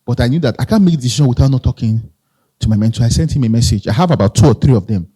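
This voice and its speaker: A man's voice: medium pitch, lively intonation, very fast, dark tone, husky. A man with a Nigerian accent giving a live motivational talk, conversational, repeating phrases and asking the audience questions. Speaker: motivational speaker.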